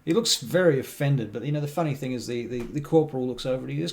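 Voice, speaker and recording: A man narrating as game master of a tabletop role-play in a quick, casual way. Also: medium pitch, creaky, a little mellow.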